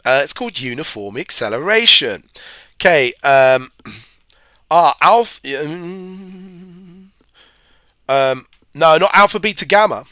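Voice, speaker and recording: A man's voice: fairly high pitch, animated, takes it slowly, long pauses, bright, forceful tone, dry recording, clean studio sound. A man with hay fever, giving a chatty, rambling live-stream physics revision lesson and talking to his viewers. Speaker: physics tutor.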